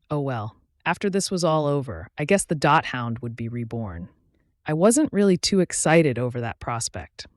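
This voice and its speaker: A man's voice: on the high side, no room sound, clean studio sound. A man reading a first-person relationship story aloud in a plain storytelling manner. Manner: plain storytelling with mild censored swearing. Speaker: narrator.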